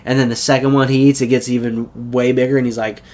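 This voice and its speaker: A man's voice: mid-range voice, flat delivery, a little mellow. Casual rambling man recapping an episode. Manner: loose, rambling retelling with quick character voices. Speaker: anime reviewer.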